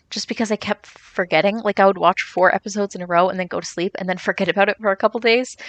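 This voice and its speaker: A woman's voice: mid-range voice, a bit bright, dry recording. A young woman streamer chatting casually and rambling as she answers viewers while she plays. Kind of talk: casual chat while gaming, reading chat.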